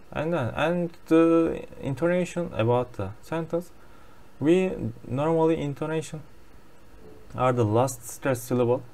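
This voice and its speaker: Slow, halting man explaining a lesson. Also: mid-range voice, a little mellow. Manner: halting non-native English with many fillers. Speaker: language learner sharing daily lessons.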